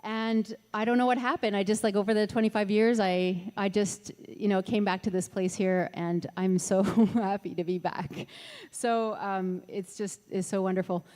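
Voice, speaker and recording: A middle-aged woman from Ontario, Canada, a singer-songwriter, chats between songs on an outdoor festival stage, rambling with lots of fillers, restarts and frequent laughs. Her mid-range voice is steady and darkish, at a moderate pace with hardly any pauses, and a long reverb tail trails behind it.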